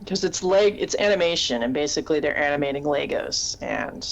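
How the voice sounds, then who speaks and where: A woman's voice: low voice, lively intonation, brisk, vocal fry. A woman co-hosting a casual live chat show, a teacher who rambles through stories and laughs often. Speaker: podcast co-host.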